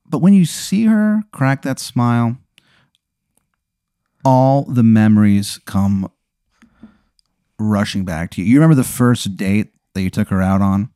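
Male comedy host, deadpan storyteller, dry studio sound. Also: fairly low pitch, clear, resonant tone, no room sound. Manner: deadpan, drawn-out narration with sudden absurd turns. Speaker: podcast host telling an improvised story.

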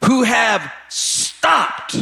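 A pastor preaching a sermon with emphatic, repetitive phrasing that rises to shouted peaks. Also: male voice, extremely high pitch, big pitch swings, very slow, creaky. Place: church sanctuary.

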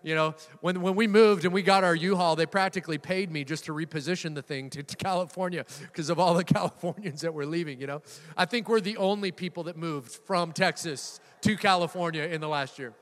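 High-voiced pastor preaching in a reverberant hall. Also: male voice, fairly quick. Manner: lively storytelling with laughs and bursts of emphasis. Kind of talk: sermon.

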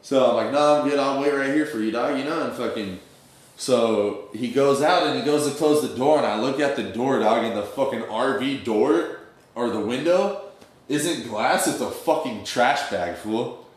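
A man's voice: mid-range voice, moderate pace. A young man telling a story in casual, streetwise slang, acting out the quoted dialogue as he goes. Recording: very echoey room.

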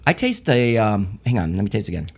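A man co-hosting a casual beer-tasting show, talking in halting bursts with many restarts and fillers. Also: lowish voice, big pitch swings, vocal fry, slightly rough. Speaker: podcast co-host. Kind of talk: casual chat.

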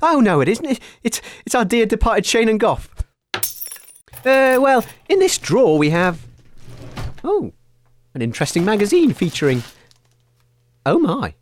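A woman's voice: on the high side, unhurried, pauses often, slight background noise. A woman voicing a flustered, chatty radio show host in a comedy audio sketch, hesitant and full of fillers. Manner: hesitant, excitable, lots of fillers.

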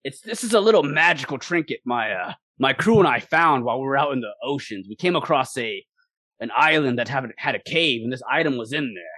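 A man's voice: medium pitch, expressive, brisk, bright, forceful tone, slightly rough, no room sound. A man voicing an easygoing male orc sailor who rambles in an offhand way.

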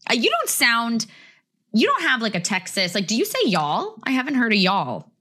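A woman's voice: on the high side, wildly swooping pitch, moderate pace, sharp tone, slightly rough. A woman in her thirties with a New Jersey accent, hosting a podcast in casual, chatty conversation and laughing often. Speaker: podcast host. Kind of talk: casual chat.

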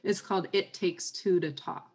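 A woman speaking as a podcast guest who gives parenting advice on speech, explaining patiently and brightening when she acts out example phrases. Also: lowish voice, fairly even intonation, normal speed, breathy edge.

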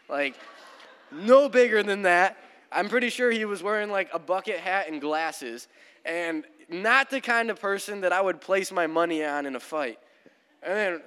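A man's voice: high-pitched, a bit bright, smooth. A young male pastor preaching a sermon in a casual, storytelling manner in a church. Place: church sanctuary. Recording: long church hall reverb.

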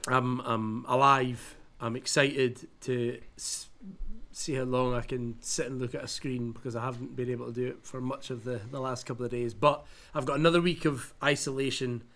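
A man's voice: mid-range voice, fairly even intonation, normal speed, fairly bright tone. A Scottish man who is ill with covid, rambling and joking at his own expense in a casual podcast chat. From Scotland. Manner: self-mocking, rambling with restarts. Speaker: podcast co-host.

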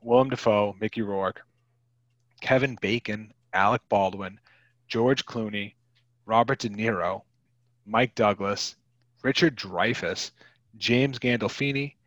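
A low-voiced man hosting a podcast, chatting in a loose, wry, rambling way about a film. His voice sits in a dry, close space. The sound is a touch dull. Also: unhurried, pauses often, fairly bright tone, no room sound. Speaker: podcast host. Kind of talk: casual chat about a film.

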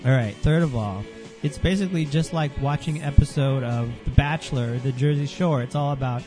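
Male podcast host, under the weather, warm low-key tone, sarcastic dismissive rant. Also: a little fast, soft background music. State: under the weather, a bit sick.

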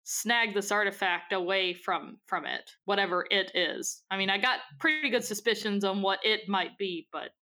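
A woman in a tabletop game session. Her voice is bright and forceful. She jumps in with eager, feisty questions. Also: medium pitch, normal speed, few pauses. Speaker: player. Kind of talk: tabletop role-play chat.

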